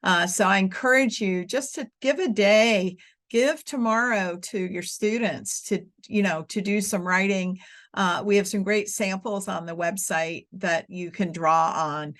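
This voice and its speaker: A woman's voice: mid-range voice, a little slow, a bit bright. A woman leading a teacher webinar over a video call, encouraging and speaking with filler words. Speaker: webinar faculty leader. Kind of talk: warm wrap-up of a teacher webinar.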